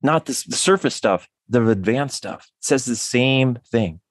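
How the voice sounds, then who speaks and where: A man's voice: mid-range voice, animated, moderate pace, no room sound, clean studio sound. Enthusiastic man with restarting speech. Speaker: guest, tantric counselor. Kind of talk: podcast interview.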